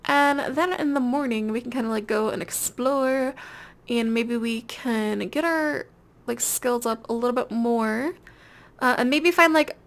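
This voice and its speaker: A young woman talks through her life-sim game in a loose, casual way. Her voice sits high with a gravelly fry, and she giggles and rambles, dropping fillers as she goes. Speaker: gameplay video host. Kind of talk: casual let's-play commentary.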